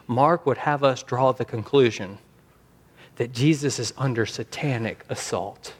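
Male pastor, mid-pitched, earnest sermon delivery, slows and swells for emphasis.

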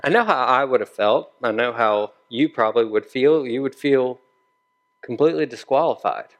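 A man's voice: medium pitch, normal speed, fairly bright tone. A man preaching a sermon in a conversational storytelling way, acting out the dialogue of the people in his story. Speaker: pastor.

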